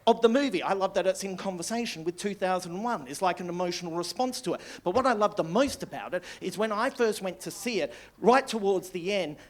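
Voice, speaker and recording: An Australian man in his sixties doing live stand-up comedy, rambling and sweary in an excitable storytelling manner. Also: high voice, brisk, hardly any pauses. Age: 60s. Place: comedy club stage.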